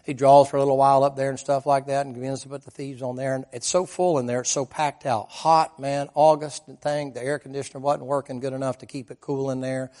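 A man's voice: mid-range voice, little pitch movement, brisk, hardly any pauses, dark tone. A man preaching a sermon as a vivid, folksy story, dropping "man" and "boy" into his sentences.

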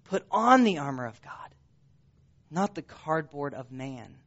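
A man preaching a sermon with emphatic repetition, his voice swinging up and dropping low for stress. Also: very animated, a little slow, fairly bright tone. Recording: dull lo-fi sound.

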